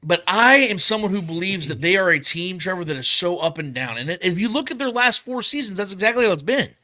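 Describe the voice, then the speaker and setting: A man with a high, bright voice co-hosts a sports podcast. He races through his picks in a casual, animated debate and keeps restating his points as he goes. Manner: animated, talks fast and repeats himself to make points. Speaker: podcast host.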